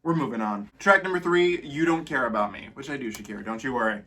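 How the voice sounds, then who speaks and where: A man hosting a casual music reaction, talking animatedly and breaking into sudden high exclamations. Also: fast.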